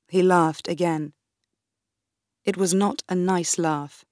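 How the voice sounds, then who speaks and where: Slow careful woman storybook narrator. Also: on the low side, steady tone, a little mellow, dry recording, studio quality. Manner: clear, careful, unhurried reading. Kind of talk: slow first-person storybook narration for learners.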